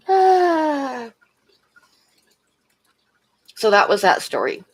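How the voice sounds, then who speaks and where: Brief: woman livestreamer, casual chat, rambling anecdotes, frequent laughs, asides to chat. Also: high-pitched. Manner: rambling storyteller, laughs often, talks to chat.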